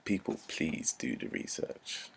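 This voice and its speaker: A man's voice: measured pace, slight background noise. A man, ranting earnestly to camera, repeating himself and dropping to a near-whisper at times. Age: 20s. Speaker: vlogger. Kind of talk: unscripted rant to camera.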